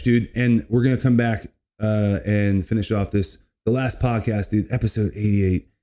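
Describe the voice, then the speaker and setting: Rambling man telling a wild story. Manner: rambling, says "dude" constantly, lively swings in pitch. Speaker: comedy podcast host. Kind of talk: casual storytelling monologue.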